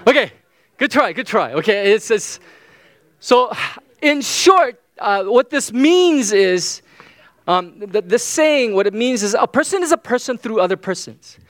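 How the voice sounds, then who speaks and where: Pastor, man, high-pitched, easygoing sermon full of quick "okay?" check-ins. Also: big pitch swings, fairly bright tone. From United States. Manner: casual, joking, frequent "okay?" asides.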